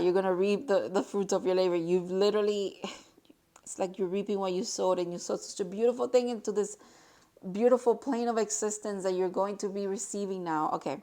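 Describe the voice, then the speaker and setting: A woman doing a casual tarot card reading for her viewers, excitable and gushing, now and then reading card text aloud more softly. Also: mid-range voice. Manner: excitable and gushing, exclaiming often; reads card text aloud in a slower, softer voice. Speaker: tarot reader.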